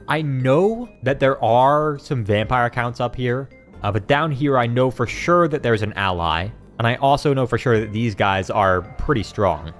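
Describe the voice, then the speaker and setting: A young man talks through his game run in casual commentary, his pitch bouncing all over the place. He is excitable, dropping into flat asides and then bursting out loudly when something goes well. Faint music plays under his voice. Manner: excitable, swings between flat asides and loud outbursts. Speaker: gaming YouTuber. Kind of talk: gameplay commentary.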